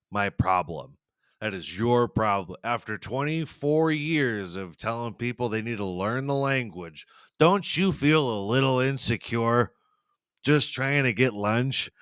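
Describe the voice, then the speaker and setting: Brief: foul-mouthed male podcaster ranting sarcastically, mid-pitched voice, dry sound. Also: a bit bright, clear, resonant tone, no room sound. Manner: profane, rambling, sarcastic. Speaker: podcast host. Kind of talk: comedic ranting monologue.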